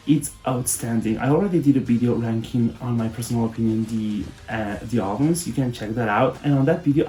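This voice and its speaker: A young man hosting a fan vlog, talking casually in a soft, lower-toned way and sounding deeply emotional. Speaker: fan channel host. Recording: roomy echo with faint music behind.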